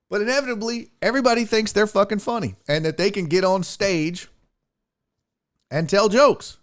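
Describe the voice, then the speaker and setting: A male podcast host telling a profane story in a casual, animated way, swinging from low mutters to loud outbursts. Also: normal speed. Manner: animated, swings between muttering and near-shouting.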